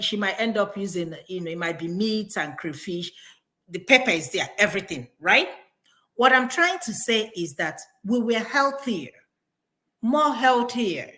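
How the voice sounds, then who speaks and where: Animated Nigerian woman telling stories. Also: medium pitch. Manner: storytelling, animated, mimics people. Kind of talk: casual panel discussion.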